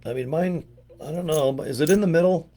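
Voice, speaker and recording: An older American man speaks from his home in Utah, his voice a little high, fairly quick and warm. He's a video presenter delivering a rambling, joking, casual monologue packed with slang and asides.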